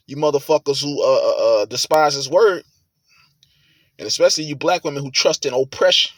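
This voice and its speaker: A man reading scripture aloud with sermon commentary, forceful and profane, rising to loud emphatic reading. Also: on the high side, brisk, no echo. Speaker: preacher.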